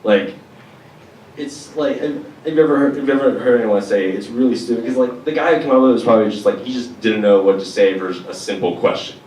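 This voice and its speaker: A young man's low voice in a deadpan, slangy stand-up set. He is heard from a distance in an echoey room, with loud crowd ambience behind him. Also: fast talker, slight background noise. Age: young adult. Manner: deadpan, slangy and profane, mocks others in put-on voices. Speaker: stand-up comedian. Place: college venue with audience laughter.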